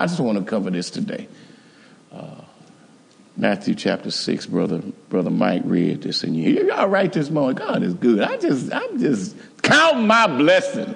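A middle-aged male pastor telling a story in a sermon, swinging from loud exclamations to hushed asides and repeating himself as he goes. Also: lowish voice, vocal fry.

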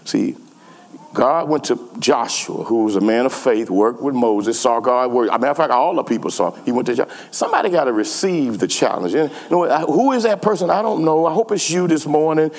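With a medium pitch, darkish tone and brisk, animated delivery, a man preaches as pastor in a sanctuary. His sermon relies on repeated phrases and call-and-response exchanges with the congregation, heard through long church reverb.

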